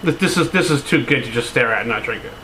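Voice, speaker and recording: A man's voice: mid-range voice, animated, fast talker, pushed and bright, a little hiss or hum, low-quality recording. A man vlogging casually, rambling through a sentimental story with lots of "like" fillers and casual swearing. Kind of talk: casual to-camera vlog.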